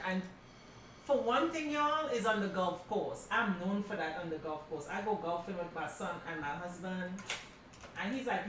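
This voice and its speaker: A middle-aged woman teaching a crafting class, telling stories in a casual, animated way and calling her students y'all. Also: medium pitch, a little fast, slight background noise. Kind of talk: casual class talk, storytelling. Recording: very echoey room from a distance.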